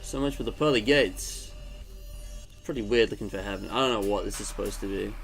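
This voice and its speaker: A man's voice: lowish voice, brisk, creaky, soft background music. A man streaming live and commentating on his gameplay, exclaiming and groaning as things go wrong. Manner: animated, swears and groans at the game.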